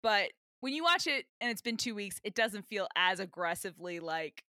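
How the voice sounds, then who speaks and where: A woman co-hosting a casual rewatch podcast, animated and exasperated, swearing casually as she chats. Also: medium pitch, moderate pace, slight background noise. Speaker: podcast co-host.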